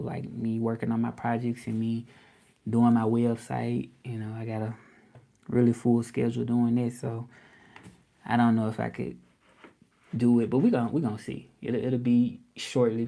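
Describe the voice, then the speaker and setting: A man hosting a casual livestream, relaxed and rambling, often repeating himself. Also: mid-range voice, vocal fry. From Memphis, Tennessee. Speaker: language teacher and livestream host.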